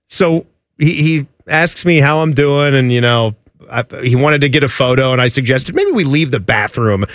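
A man's voice: moderate pace, dry recording, clean studio sound. A middle-aged man co-hosting a sports radio show, telling stories in casual banter with big swings in his voice. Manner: animated storyteller, high jumps when telling a story. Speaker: radio co-host.

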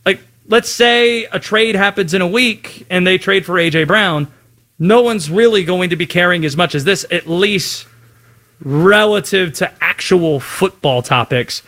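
A man co-hosting a sports talk show, making his case in a measured, argumentative way. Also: sits high, a bit bright. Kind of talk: casual sports debate.

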